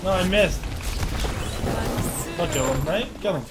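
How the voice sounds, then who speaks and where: A man's voice: high-pitched, measured pace, loud music behind the voice. Cocky young man trash-talking over gameplay. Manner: cocky, profane, excitable trash talk. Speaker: gamer streaming his own match. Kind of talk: casual gameplay commentary.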